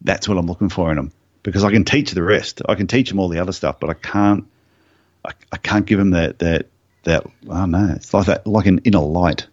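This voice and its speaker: A man's voice: low-pitched, fairly quick, dry recording, lo-fi sound. A man who is a podiatrist, guest on an interview podcast, telling anecdotes in a casual way. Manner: storytelling, animated anecdotes.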